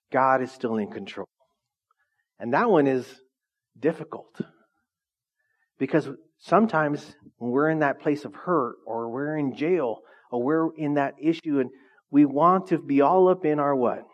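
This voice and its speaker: A middle-aged male pastor preaching a lively, conversational sermon, often asking the congregation questions. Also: mid-range voice. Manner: asks the congregation frequent questions. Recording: dull lo-fi sound.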